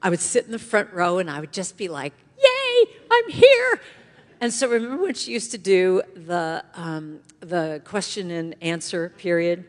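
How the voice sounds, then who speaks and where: A middle-aged woman giving an inspirational talk to a congregation, telling a story in an animated way and acting out the voices. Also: on the low side, moderate pace, hardly any pauses. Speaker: guest speaker. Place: large church hall. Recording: long hall reverb.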